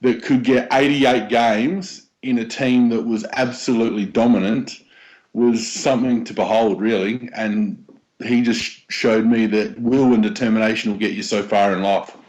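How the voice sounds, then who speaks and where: An Australian man, a podcast guest in casual sports chat, speaking enthusiastically but haltingly with many filler pauses. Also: on the low side, steady tone, darkish tone, rough recording.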